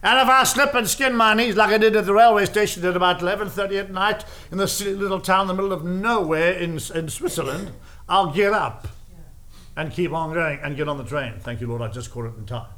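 A man's voice: high-pitched, fairly quick, bright, forceful tone. A man preaching a sermon, driving his points home with repeated phrases and casual asides. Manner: emphatic, repetitive preaching cadence with asides.

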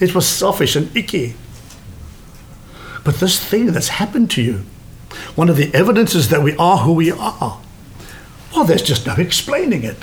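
A man preaching a sermon to a congregation, with animated delivery that slows down for emphasis. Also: a little high, slight background noise. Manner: animated, varied delivery with slowed emphatic phrases. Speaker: pastor.

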